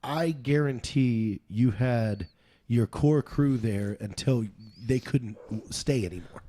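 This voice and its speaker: A man's voice: mid-range voice, slow pace, mellow. A man co-hosting a casual podcast chat, who talks bluntly and profanely and repeats himself to press his point. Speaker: podcast co-host.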